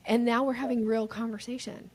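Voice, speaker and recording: A woman guest on a podcast explaining sales techniques, lively and animated, acting out the voices of the people she quotes. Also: fairly high pitch, brisk, slightly rough.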